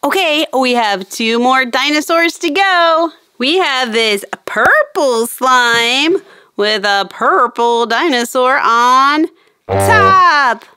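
A woman with a high, bright voice presents a playful toy demo for kids. She talks slowly in an excited, sing-song way that swoops up and down, with playful roars. The sound is dry and close. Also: clean tone, dry recording. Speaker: children's toy show presenter.

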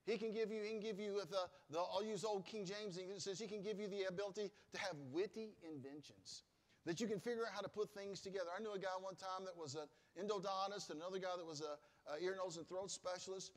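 A man preaching a sermon as pastor, speaking emphatically, building to loud exclamations and leading his congregation in call-and-response. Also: high voice, fast, in a large hall. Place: church sanctuary.

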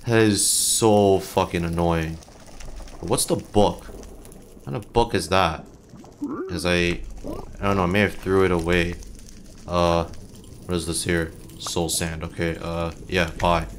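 A man's voice: low-pitched, flat delivery, takes it slowly, pauses often, slight background noise. A young man giving casual, frustrated gameplay commentary, swearing often and yelping when he gets hit. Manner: frustrated, swears a lot, yelps at hits. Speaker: gaming channel host.

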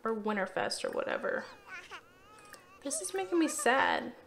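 A young woman giving casual commentary while playing a life-simulation game, chatty and quick to exclaim when things go wrong. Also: a little high, very animated, a bit bright, slight background noise. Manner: chatty, sympathetic, exclaims often, easily exasperated. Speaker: let's play gamer.

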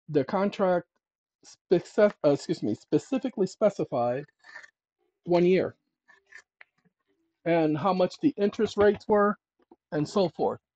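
A man's voice: high voice, dry recording. A man hosting a channel, explaining legal procedure to viewers in an emphatic, conversational way and thinking aloud as he looks through documents. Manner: emphatic, addresses viewers as ladies and gentlemen. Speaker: channel host. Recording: dull lo-fi dry recording.

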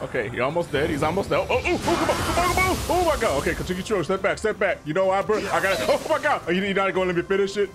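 A man giving excitable, slangy commentary while playing a video game, yelling and calling everyone bro. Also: sits high. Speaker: gaming streamer. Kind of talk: gameplay commentary. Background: game music.

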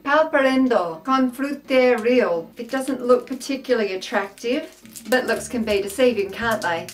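A woman with an Australian accent chats through a casual taste-test vlog, her voice sitting a little higher than most. She talks in an exclamatory, self-mocking way, with faint music playing softly underneath. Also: unhurried. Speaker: food taste-test vlogger.

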